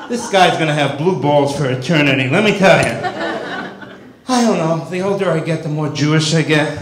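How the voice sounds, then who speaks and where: A man doing a stand-up comedy set in a club with wisecracking, deadpan delivery. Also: on the high side, normal speed, echoey room, rough recording.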